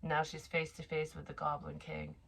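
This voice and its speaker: A woman's voice: low voice, completely flat delivery, moderate pace, gravelly, fairly bright tone, husky, poor audio. Chatty, foul-mouthed woman doing tarot. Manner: chatty and profane, thinking aloud. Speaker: psychic tarot reader. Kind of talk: casual tarot reading.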